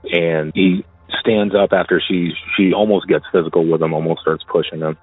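A very low-voiced man recounts a story in a casual, halting way, stumbling and repeating words. He is heard through a tinny, phone-like line with a dry sound. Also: steady tone, slightly rough, no echo, faint music behind. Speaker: caller sharing a personal story.

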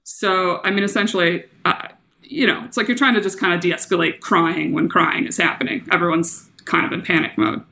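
A woman comedian as a podcast guest, candidly retelling a personal story with animated, laughing delivery. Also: lowish voice, brisk, vocal fry. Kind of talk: casual storytelling.

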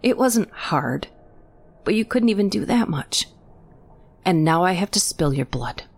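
A woman's voice: on the low side, expressive, unhurried, voice pushed up. A woman voicing a frightened, superstitious young adult sister who talks urgently and drops into tense whispers.

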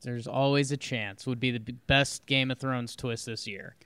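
A man's voice: medium pitch, fairly even intonation, moderate pace, pushed and bright, smooth, no room sound. Wry male podcast co-host. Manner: dry, wry quips. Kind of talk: casual sports podcast chat.

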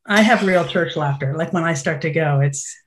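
A middle-aged actress chatting as an interview guest, telling lively stories and acting out what people said. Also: female voice, sits low, normal speed, noisy background. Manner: animated storytelling, acts out quotes. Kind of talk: casual interview chat.

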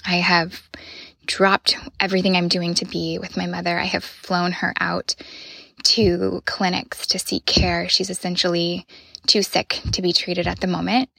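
Soft-spoken, slow woman podcaster. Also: on the low side, level tone, gravelly, no room sound. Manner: soft, earnest, often drops to a whisper. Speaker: podcast host. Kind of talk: personal reflective monologue.

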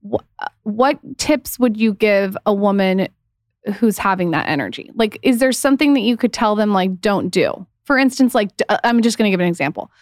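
A woman's voice: mid-range voice, animated, normal speed, no echo, studio quality. A woman co-hosting a podcast, asking playful, teasing questions in casual chat. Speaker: podcast co-host.

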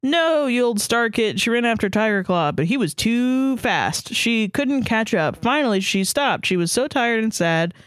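A woman's voice: fairly high pitch, animated, no echo. A woman co-hosting a comedy podcast, reading fan fiction aloud with dramatic flair and stifled giggles. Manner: dramatic read-aloud, giggling, slow and deliberate. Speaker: podcast co-host.

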